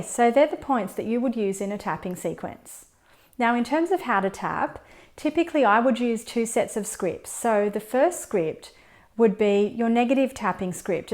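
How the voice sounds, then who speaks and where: A woman coaching viewers through a tapping routine, explaining each step in a calm, gentle, measured way. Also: mid-range voice. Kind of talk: step-by-step instruction.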